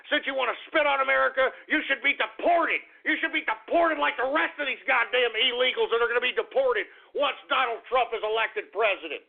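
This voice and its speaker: A man's voice: extremely high pitch, vocal fry. A man hosting a talk radio show, ranting angrily and profanely at his listeners. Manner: angry, profane, repetitive ranting. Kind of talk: political rant on talk radio. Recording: tinny phone-like radio audio.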